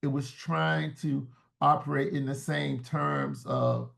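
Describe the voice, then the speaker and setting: A man speaks as an interview guest, voice heavy with gravelly fry and set a little high. He muses in a relaxed, searching way, often breaking off and restarting words as he works through a thought. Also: slow pace. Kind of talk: casual interview talk.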